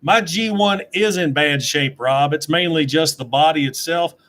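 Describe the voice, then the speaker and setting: A man's voice: a little high, moderate pace, a bit bright. A middle-aged man chatting casually on a livestream, reading out and answering viewer questions from his desk webcam. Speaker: toy reviewer answering live chat.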